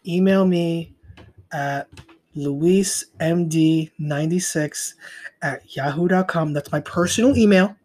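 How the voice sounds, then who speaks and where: A man's voice: a little high, slow, a little mellow. A young man hosting a solo podcast, talking in a profane, rambling way and trailing off into mutters. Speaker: podcast host. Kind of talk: casual solo podcast rant.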